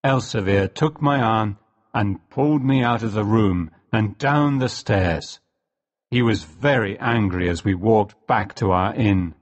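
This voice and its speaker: Slow, low-voiced male story narrator. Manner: slow and clear, for language learners. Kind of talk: graded-reader story narration.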